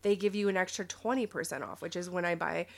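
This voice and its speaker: A woman co-hosts a relaxed podcast chat, rambling from one tangent to the next. Her voice has a gravelly fry at the ends of phrases. She laughs easily and talks in a loose, easygoing way. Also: fairly low pitch, fast. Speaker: podcast co-host. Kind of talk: casual chat.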